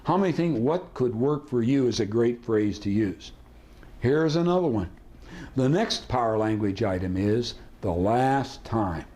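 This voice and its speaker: A man's voice: medium pitch, lively intonation, a little slow, dark tone. A man teaching a negotiation seminar, asking his audience rhetorical questions and acting out sample dialogue. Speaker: negotiation trainer.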